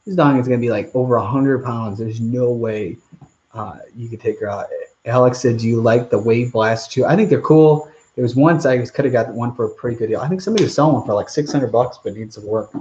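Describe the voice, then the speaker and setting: A man's voice: mid-range voice, fast, darkish tone, muffled recording. A man hosting a live stream Q&A outdoors, rambling casually as he reads out viewer comments. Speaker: channel host.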